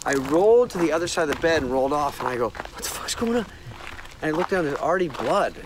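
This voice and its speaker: Animated man telling a story. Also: fairly high pitch, rapid-fire, background noise. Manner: animated, acts out quoted dialogue. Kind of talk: storytelling in casual chat.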